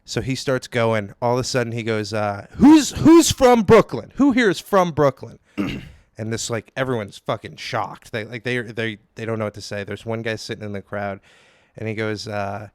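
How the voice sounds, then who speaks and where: Young male comic host, lively story delivery, dead-dry close mic. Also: lowish voice, moderate pace, clean tone, no room sound. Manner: animated storyteller, acts out quoted voices loudly. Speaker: podcast host. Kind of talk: casual comedy podcast chat.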